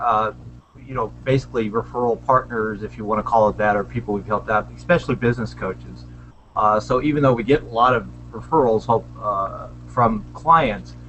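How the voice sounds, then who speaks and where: A man's voice: mid-range voice, a bit bright, slight background noise, low-quality recording. A man on a panel, chatty and self-deprecating, giving sales tips in a casual video call discussion. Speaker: panelist, small business owner. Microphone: video call webcam.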